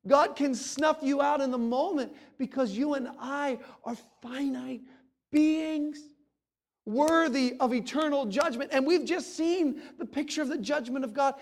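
High-voiced man preaching dramatically. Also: unhurried. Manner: dramatic preaching, swinging from loud exclamations to low hushed passages. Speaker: pastor. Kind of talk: sermon.

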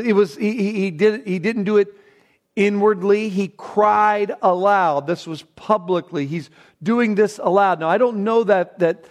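A man preaching a Bible sermon, dropping to a hushed, reverent tone and then rising into emphatic, repeated phrases. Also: sits high. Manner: swings between hushed reverent passages and raised emphatic bursts; repeats words when building a point. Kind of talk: expository sermon.

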